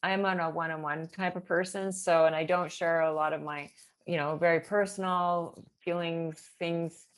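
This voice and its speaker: A woman's voice: fairly low pitch, fairly even intonation, moderate pace. A woman chatting casually in a rambling way, with many fillers and nervous laughter. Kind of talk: casual chat.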